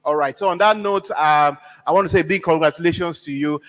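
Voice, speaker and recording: High-voiced man giving a rousing talk. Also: a bit bright, in a large hall, low-quality recording. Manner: rousing, drawn-out words, questions to the audience. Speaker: guest speaker at a youth program. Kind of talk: motivational speech.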